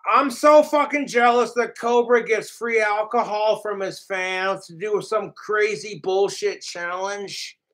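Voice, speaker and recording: Male livestreamer, high pitched, unhurried delivery; profane, mocking third-person rant aimed at his trolls. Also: fairly bright tone, poor audio. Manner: mimics his trolls in sneering voices. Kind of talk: ranting livestream talk.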